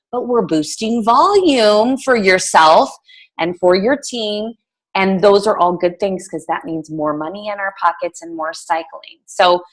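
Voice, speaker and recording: A middle-aged woman, a fitness coach, giving a casual team training talk, chatty with many fillers and restarts. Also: fairly low pitch.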